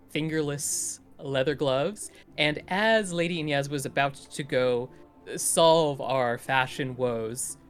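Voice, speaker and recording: Animated man recapping a tabletop game. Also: fairly high pitch. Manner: animated storytelling, playful voices in quotes. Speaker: player giving a recap. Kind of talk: casual session recap.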